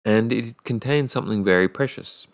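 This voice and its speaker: A man voicing a gentle, sorrowful young sea princess in a storybook reading, speaking softly and pleadingly. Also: lowish voice, normal speed, creaky. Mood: solemn warning. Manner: soft, pleading.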